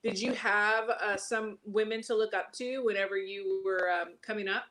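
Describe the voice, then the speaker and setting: A woman hosting a casual talk show, speaking in an animated way with lots of fillers. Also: medium pitch, normal speed. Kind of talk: casual chat.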